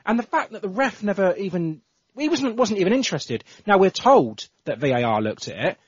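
A man's voice: high-pitched, very animated, a little fast, husky, no room sound. A man co-hosting a casual football podcast, ranting in exasperation and swearing often. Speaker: podcast co-host. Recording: dull lo-fi podcast audio.

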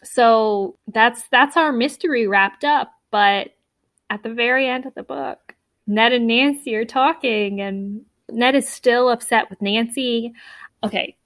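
A woman's voice: a little high, unhurried, a bit bright, dry recording. A woman co-hosting a podcast, recapping a book casually with lots of fillers. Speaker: podcast co-host.

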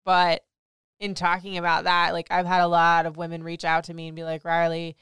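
A woman's voice: on the low side, a little fast, clear, resonant tone, no echo. Candid woman chatting with a close, dry sound. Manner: candid, laughing, lively storytelling. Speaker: podcast host. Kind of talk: casual personal chat.

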